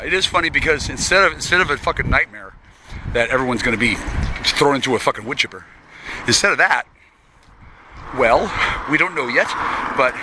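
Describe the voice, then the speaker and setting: A man rambling and swearing constantly while walking along a town street, talking to an unseen listener he calls sweetie. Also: mid-range voice. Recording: loud street and traffic noise.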